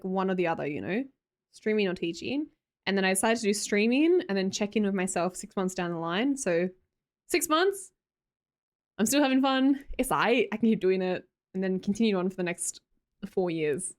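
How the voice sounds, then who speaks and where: A young Australian woman live streamer chatting casually with her viewers, reading their messages aloud, laughing often and swearing freely. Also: medium pitch.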